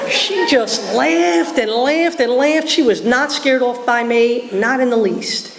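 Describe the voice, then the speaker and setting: A woman giving a lively personal testimony at a recovery meeting, acting out the voices of people in her story. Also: on the high side, slow, vocal fry, hardly any pauses, crowd noise, noisy background. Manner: animated storytelling, acts out voices. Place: meeting hall. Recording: echoey hall recording.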